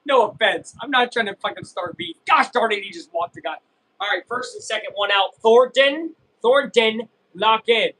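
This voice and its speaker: A young man casually chatting and reacting while streaming a live baseball game, rambling and breaking into excited yells. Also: high voice, normal speed, husky, rough recording. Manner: rambling, self-interrupting, bursts of excited yelling. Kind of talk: casual live game watch-along chat.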